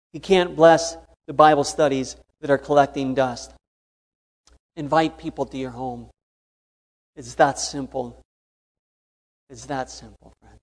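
A man preaches a sermon in an earnest voice, driving points home by repeating them. His voice sits somewhat high for a man. A long reverb trails his words through the hall. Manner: earnest, repetitive emphasis.

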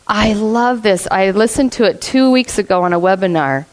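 A woman with a medium-pitched voice, speaking at normal speed on a low-quality recording, preaches a sermon to a congregation. She questions her listeners, laughs often and acts out the voices in her stories.

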